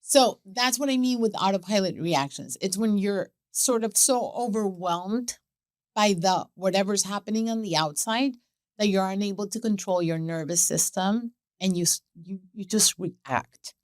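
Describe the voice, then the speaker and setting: A woman who coaches mothers, talking in a relaxed podcast chat and acting out inner voices with animation. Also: mid-range voice, moderate pace, dry recording, clean studio sound. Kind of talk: casual podcast conversation.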